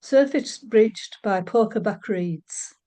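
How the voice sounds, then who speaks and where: A woman from Middlesbrough, reading her nature poem calmly and steadily. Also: medium pitch, slow pace. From Middlesbrough, England. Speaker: poet. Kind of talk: poetry reading.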